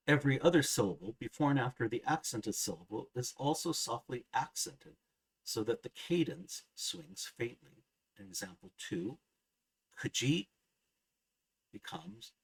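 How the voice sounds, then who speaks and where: Male narrator for a grammar lesson: husky, mid-pitched, careful and precise. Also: low-quality recording. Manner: measured, precise, enunciates example words slowly. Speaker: language teacher.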